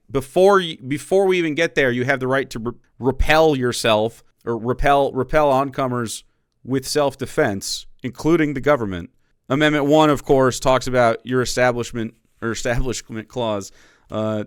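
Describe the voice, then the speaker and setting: A man's voice: mid-range voice, fairly bright tone, smooth, no echo, studio quality. A man commenting scornfully on a clip, profane and mocking. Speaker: political streamer. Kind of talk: reaction commentary.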